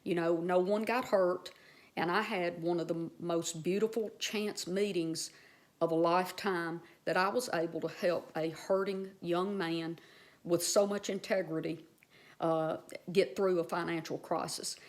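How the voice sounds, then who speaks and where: Low-voiced woman telling a heartfelt story. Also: fairly even intonation, a little slow. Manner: heartfelt, rambling, addresses viewers directly. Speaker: vlogger. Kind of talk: casual personal storytelling.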